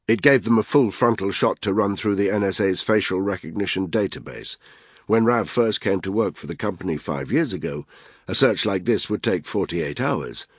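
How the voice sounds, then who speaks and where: A male audiobook narrator reading a thriller in a steady, grave manner. His voice sits very low with a husky edge. The recording is dry and close to the mic. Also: no echo.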